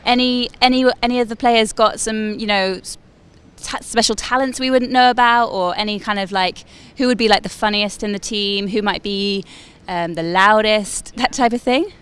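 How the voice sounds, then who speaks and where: A woman's voice: mid-range voice, normal speed, fairly bright tone, smooth. A woman interviewing a rugby player, asking friendly questions with some hesitations.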